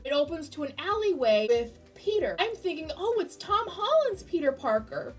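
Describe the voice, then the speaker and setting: Excitable female reviewer, high voice, profane and loud, light music bed. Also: normal speed, hardly any pauses, distant mic. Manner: gushing, excitable, swears freely, bursts into near-screaming. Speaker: movie reviewer.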